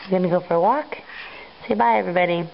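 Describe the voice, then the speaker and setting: A mother talking baby talk to her infant, cooing in a sing-song way and sometimes dropping to a soft whisper, recorded on a home camcorder. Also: on the low side, rapid-fire, gravelly. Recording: dull lo-fi home video sound.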